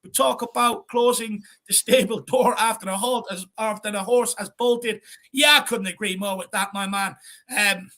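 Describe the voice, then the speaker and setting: An Irish man co-hosting a fan channel, chatting casually on a live stream and reading out viewer comments with shout-outs. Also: sits high, moderate pace. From Ireland.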